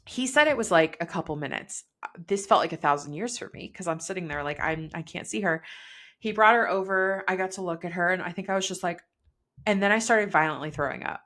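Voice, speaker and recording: A young woman tells a personal story in an easygoing chat, her voice sitting a bit low for a woman. She talks loosely, with plenty of "like", frequent laughs and lively quoted lines. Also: fairly quick. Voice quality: chatty, peppered with "like", laughs often. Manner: quotes herself and others in animated bursts. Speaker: podcast guest telling her birth story. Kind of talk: casual chat.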